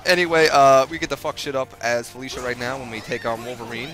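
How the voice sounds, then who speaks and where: A young man talks through his fighting-game run, swearing nonstop and yelping at each hit. His pitch jumps all over the place as he gets worked up. Game music plays clearly underneath his voice. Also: fairly quick. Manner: excitable, swears constantly, sudden yelps. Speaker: gaming video host. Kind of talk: profane live gameplay commentary.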